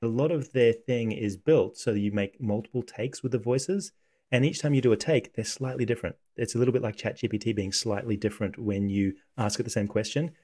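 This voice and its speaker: A man hosting a casual coding tutorial, talking through software on screen in a relaxed, conversational way. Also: medium pitch, brisk, breathy edge. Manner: relaxed, conversational, thinks aloud.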